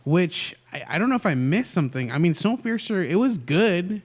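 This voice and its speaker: A man's voice: high-pitched, big pitch swings, moderate pace, breathy edge. A man co-hosting a podcast in casual chat, hesitant, often restarting and asking questions. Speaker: podcast co-host.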